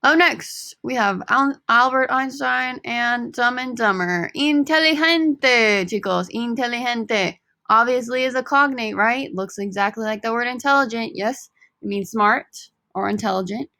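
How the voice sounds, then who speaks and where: A woman teaching a recorded Spanish lesson, upbeat and joking, repeating each word slowly. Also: a little high, pushed and bright, no room sound, clean studio sound.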